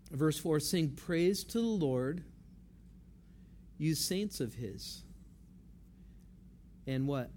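A man with a fairly high voice preaches a sermon in a relaxed, conversational way. He repeats key phrases to drive his points home. A faint hiss of room noise sits behind him. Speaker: pastor.

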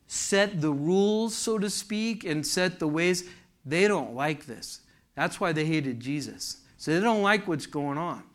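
Male pastor, fervent sermon, slightly high pitch, unhurried delivery, church. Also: a bit bright. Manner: impassioned preaching, asks the congregation questions.

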